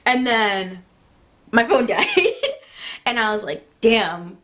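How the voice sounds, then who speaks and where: A teenage girl from the US tells a vlog story at a slow pace in a medium-pitched voice. She gets animated, laughing while acting out the text messages.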